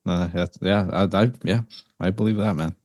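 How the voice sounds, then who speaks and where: A man's voice: low-pitched, fairly even intonation, moderate pace, a little mellow, dry recording, clean studio sound. A man hosting a podcast, chatting in an easygoing way with short reactions and casual swearing. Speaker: podcast host.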